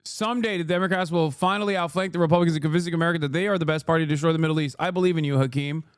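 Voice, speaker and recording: A man's voice: on the high side, fairly even intonation, racing, clean tone, dry recording, studio quality. A man hosting a live stream, reacting to clips with exasperated, profane ranting. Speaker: streamer host.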